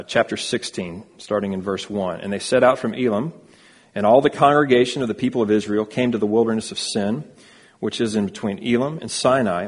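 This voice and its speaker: A man's voice: on the low side, husky, in a large hall. A man preaching a sermon as a pastor, reading scripture aloud and explaining it earnestly in a church sanctuary.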